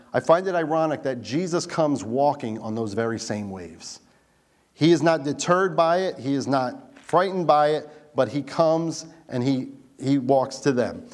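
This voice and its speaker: A man, a pastor, preaching a sermon in an earnest, emphatic way and putting rhetorical questions to his listeners. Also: a little high.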